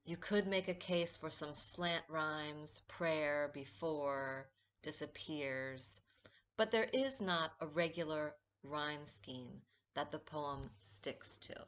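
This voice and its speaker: A woman poet giving a recorded poetry lesson, speaking in a measured way and stressing the rhythm when she reads verse. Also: low voice, a bit bright. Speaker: poet teaching a workshop.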